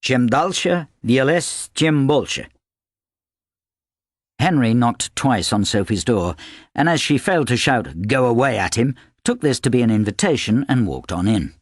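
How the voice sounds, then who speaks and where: A man narrating an audiobook in an expressive storytelling manner. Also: mid-range voice, normal speed, husky, no echo, clean studio sound. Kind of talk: scripted narration.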